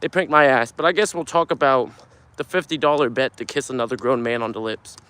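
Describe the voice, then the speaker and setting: A young man chatting on a casual live stream, reading out viewer comments and telling stories in an animated, foul-mouthed way. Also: mid-range voice, fairly quick, smooth. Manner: animated storyteller, swears a lot, gets loud when telling a story. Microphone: phone camera.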